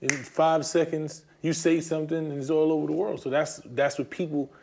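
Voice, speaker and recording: Calm, reflective male interviewer. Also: on the high side, moderate pace, vocal fry. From United States. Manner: calm, agreeing, reflective short remarks. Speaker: host. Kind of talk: casual interview.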